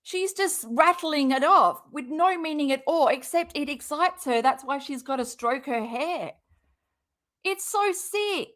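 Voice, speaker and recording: Sarcastic, high-voiced woman reacting angrily. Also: moderate pace, few pauses, a bit bright. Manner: sarcastic, swearing, exasperated. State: has a cold. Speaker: reaction streamer. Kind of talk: angry commentary over a clip.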